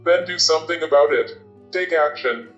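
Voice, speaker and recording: Male narrator as a scornful older father, blunt, fairly high voice, roomy lo-fi audiobook sound. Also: moderate pace, fairly bright tone, faint music behind, lightly acted. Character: gruff, opinionated older immigrant father.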